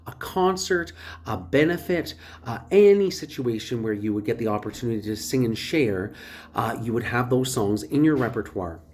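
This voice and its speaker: A woman teaching a recorded voice lesson, explaining exercises and practice steps in a clear, instructive way. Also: very deep voice, a little mellow.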